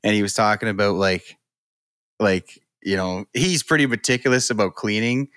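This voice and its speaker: New man, relaxed podcast co-host, bright and animated, dry close mic. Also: lowish voice, moderate pace, no echo. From New Brunswick, Canada. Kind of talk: casual chat.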